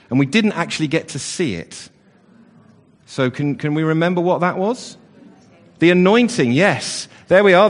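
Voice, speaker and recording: A man leading an all-age church service, chatty and playful with the children, with lots of fillers and restarts. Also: a little high. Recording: long church reverb.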